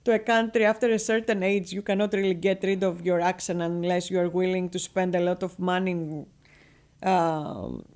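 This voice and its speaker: A woman with a Greek accent, a guest on a radio interview, telling her business story in a lively, chatty way and laughing often. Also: lowish voice, moderate pace. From Greece. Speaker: guest, real estate broker.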